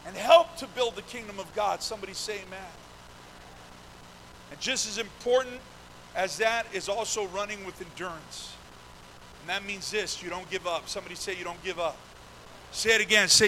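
A male pastor preaching a sermon with call-and-response, swinging from shouted, drawn-out refrains down to near-hushed talk. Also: high voice, a faint crowd, slight background noise, low-quality recording.

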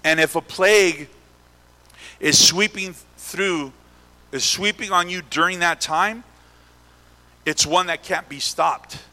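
A young adult male pastor preaching a sermon, calling out to the congregation and building to shouts. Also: high voice, slow, pauses often. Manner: call-and-response preaching, rising to shouts. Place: church sanctuary. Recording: echoey hall with long reverb.

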